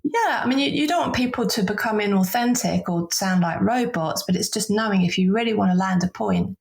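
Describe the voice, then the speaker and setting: A woman coach speaking in a relaxed podcast interview, her mid-range voice carrying a gravelly fry. She talks thoughtfully, circling back on her words with easy laughs. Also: mid-range voice, fairly quick, hardly any pauses. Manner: thoughtful, with frequent restarts and soft laughs. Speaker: guest, voice and leadership coach.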